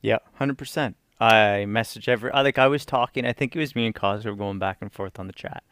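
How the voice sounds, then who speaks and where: A man's voice: fairly low pitch, a little fast, dry recording, clean studio sound. A man on a podcast, telling a story in casual chat, swearing freely and acting out what people said. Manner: animated storytelling, swears freely, acts out quotes. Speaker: podcast co-host.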